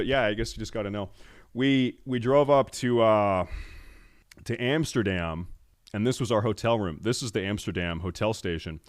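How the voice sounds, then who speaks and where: A young man with a somewhat low voice, talking casually to his stream chat. He swears freely and swings between tired grumbling and loud, exasperated outbursts. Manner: profane, exasperated, gets loud and animated.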